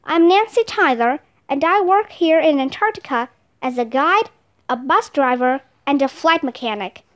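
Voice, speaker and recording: A woman reading aloud, voicing a hearty adult female tour bus driver who calls out loudly and friendly. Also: high-pitched, lively intonation, moderate pace. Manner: loud, friendly calling out.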